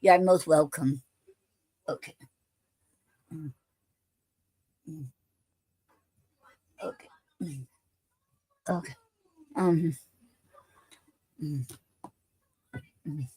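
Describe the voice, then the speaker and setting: A woman hosting a poetry livestream who invites guests to read, then recites her own poems in an unhurried way, with plenty of fillers and pauses between them. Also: deep voice, dark tone, slight background noise, rough recording.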